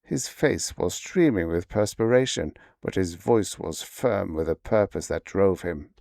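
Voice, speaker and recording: Slow, low-voiced male sleep-story narrator. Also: lively intonation, creaky, darkish tone, no echo, clean studio sound.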